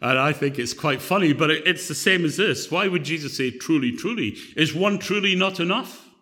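Male preacher, bright voice, relaxed joking delivery. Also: on the high side, a little fast. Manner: conversational, joking storyteller. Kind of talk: sermon.

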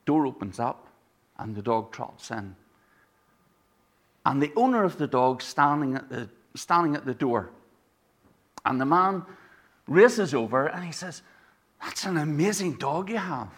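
A man's voice: medium pitch, big pitch swings, a little slow, pauses often, a bit bright. A man from Ireland with an Irish accent, preaching a sermon in a conversational way, telling stories and asking the congregation rhetorical questions.

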